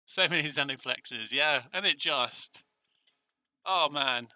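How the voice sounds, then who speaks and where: A man with a British accent chatting casually on a live stream, excitable and emotional, often restarting his sentences. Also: a little high, slow pace, no echo.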